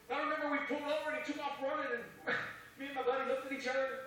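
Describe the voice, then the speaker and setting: A man giving a dramatic religious testimony, excited, repeating himself and acting out the voices in his story. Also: extremely high pitch, quick pace, a little hiss or hum. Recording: echoey room, distant from the mic.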